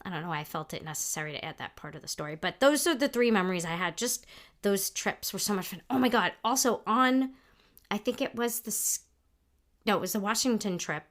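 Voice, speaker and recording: A middle-aged woman co-hosting a couples podcast, telling high school stories in an animated way and laughing along. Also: brisk. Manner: animated, laughs through her own stories. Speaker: podcast co-host. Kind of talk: casual storytelling chat.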